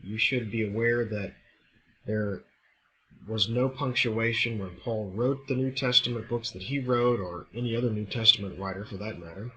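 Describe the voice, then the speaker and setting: Measured man teaching a lesson, bright tone. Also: lowish voice, low-quality recording. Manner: measured, explains step by step. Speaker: Greek teacher. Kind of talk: recorded classroom lecture.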